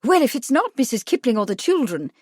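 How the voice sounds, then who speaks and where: A woman doing Kipling, a brisk anxious gentleman. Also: mid-range voice, no room sound, studio quality, lightly acted. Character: Kipling, a worried family man.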